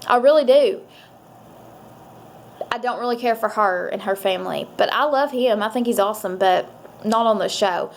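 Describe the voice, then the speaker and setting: An adult woman, a parent who vlogs, chats casually to the camera for her viewers. Her medium-pitched voice is creaky and moves at a moderate pace, and she rambles with lots of fillers and frequent pauses.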